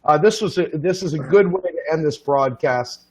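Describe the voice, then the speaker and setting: A man's voice: fairly high pitch, moderate pace, a little mellow, slightly rough. A man hosting a show who rants in an exasperated, incredulous tone about what he hears on television. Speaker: show host. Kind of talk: ranting casual chat. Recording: dull lo-fi sound.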